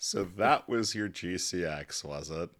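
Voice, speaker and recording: A woman's voice: rumbling low, animated, unhurried. A woman in casual chat, teasing her co-host and laughing along.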